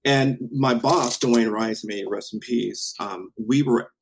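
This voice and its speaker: A man casually telling a story from his past, animated and acting out what people said, with some swearing. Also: medium pitch, slow, vocal fry, a little hiss or hum, rough recording. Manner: animated, acts out quotes, swears.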